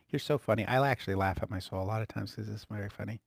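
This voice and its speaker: Man giving a lively, dry-sounding Christian lesson. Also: lowish voice, rapid-fire, vocal fry, hardly any pauses, dry recording. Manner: conversational, laughs often, lively emphasis. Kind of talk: informal spoken teaching.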